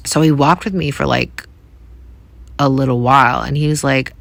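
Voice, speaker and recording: A woman from Canada hosting a podcast, telling a personal story in a soft, reflective way with many hesitations. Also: rumbling low, fairly even intonation, normal speed, creaky, pauses often, no room sound. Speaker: podcast host.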